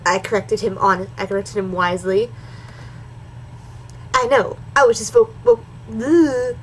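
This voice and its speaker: A woman hosting a reaction video reads a terrible story aloud in a comedic, dramatic style, alternating between the text and snide, sarcastic remarks. Her medium-pitched voice is a bit bright and moves at a normal speed, and the low-quality recording carries a faint hiss or hum.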